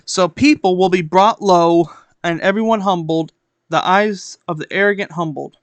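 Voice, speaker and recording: Man, high voice, dry close sound, casual Bible reading on stream, stumbles and self-corrects. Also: normal speed, no echo.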